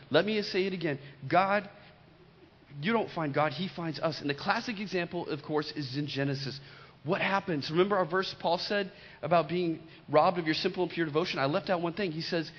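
High-voiced middle-aged male pastor preaching. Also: normal speed. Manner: emphatic, repeats key lines, joking storytelling asides. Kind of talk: sermon. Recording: dull lo-fi recording in a reverberant hall.

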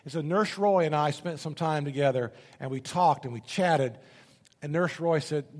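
A man preaching a sermon, telling a story with animated, emphatic repetition. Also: fairly high pitch, moderate pace, big-room sound. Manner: animated, emphatic, repeats words.

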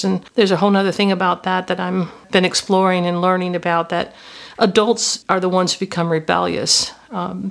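Host, woman in her fifties, low flat gravelly voice, confessional faith storytelling. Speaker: podcast host. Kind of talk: reflective Christian teaching.

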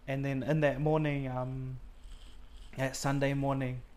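A man's voice: medium pitch, little pitch movement, a little slow, darkish tone. A man, earnestly telling a personal faith story in conversation and acting out the words people said. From New Zealand. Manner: earnest, acts out his own and others' quoted words, many fillers. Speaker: guest sharing a faith testimony.

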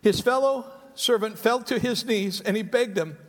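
A man preaching a sermon, reading scripture and breaking off into animated, conversational asides to the congregation. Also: sits high, moderate pace, few pauses. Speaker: pastor. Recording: long hall reverb.

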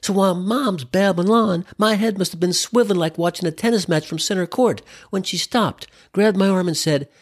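A man's voice: sits high, normal speed, few pauses. A man in his sixties from the US Midwest, telling a wry, irreverent comedic story in a conversational way. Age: 60s.

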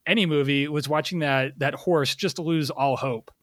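Wry podcast man, slightly higher voice, dry close recording. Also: a bit bright, dry recording. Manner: wry, drawn-out storytelling. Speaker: podcast co-host. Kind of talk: casual chat.

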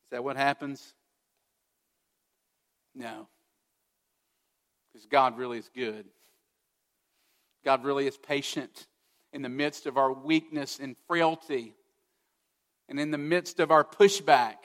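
A man's voice: a little high, unhurried, long pauses, a bit bright, long reverb tail. A man preaching a sermon as a pastor, earnest and often putting direct questions to his listeners.

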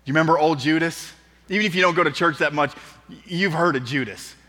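A pastor with a slightly high voice talks fast as he preaches, bringing the story to life and performing the quotes. Long auditorium reverb fills the recording.

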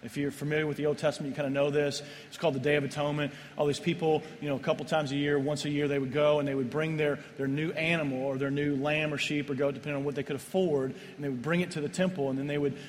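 Man, pastor, earnest sermon, slightly high voice, long hall reverb, faint ambience. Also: level tone, fast talker, few pauses, a little hiss or hum. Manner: earnest, repetitive, stumbles on restarts.

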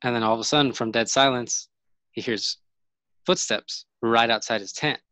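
A man's voice: medium pitch, moderate pace, sharp tone, dry recording, poor audio. A man casually retelling a camping story, rambling with many fillers and restarts.

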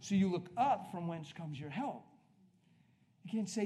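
A man preaching a sermon to a room, telling a personal story and swinging from hushed, soft lines to loud emphatic ones. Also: high-pitched, expressive, moderate pace. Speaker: pastor.

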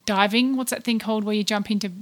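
A woman's voice: mid-range voice, steady tone, quick pace. A woman, co-hosting a podcast in casual chat, giggly and often searching for her words. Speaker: podcast co-host.

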